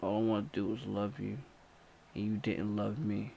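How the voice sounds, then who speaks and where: A man voicing an obsessed, clingy stalker who pleads in a low, hushed voice while telling a story. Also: flat delivery, moderate pace, gravelly, a little hiss or hum. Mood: pleading.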